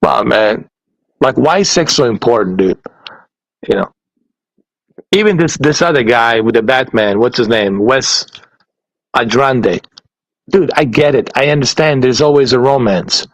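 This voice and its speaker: A man's voice: mid-range voice, no echo, rough recording. Blunt, profane man ranting on a podcast. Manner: heavy swearing, blunt and exasperated, laughs often. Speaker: podcast host. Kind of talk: casual podcast rant.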